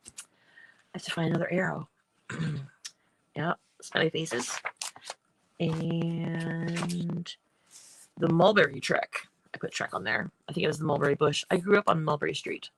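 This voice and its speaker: A woman chatting casually as she shows her craft books on a livestream, rambling and often clearing her throat. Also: lowish voice, fairly bright tone, a little hiss or hum, poor audio. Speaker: artist hosting a livestream. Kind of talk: casual craft show-and-tell.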